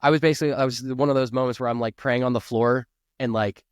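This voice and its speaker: A man's voice: mid-range voice, fairly even intonation, fast talker, clean tone, no room sound, studio quality. A man speaking as a podcast guest, rambling earnestly and filling his sentences with "like". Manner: rambling, earnest, heavy use of "like", restarts. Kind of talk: podcast interview.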